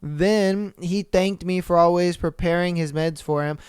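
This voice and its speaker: A young man hosting a podcast, reading stories aloud and reacting with swearing and loud outbursts. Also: sits high, fairly even intonation, unhurried, clear, resonant tone, dry recording, clean studio sound. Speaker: podcast host.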